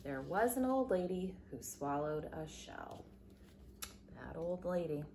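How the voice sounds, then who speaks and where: A creaky-voiced female music teacher leads a recorded class for young children with animated, song-like speech, large pitch leaps, and slow, reassuring explanations. The audio carries a faint hiss or hum.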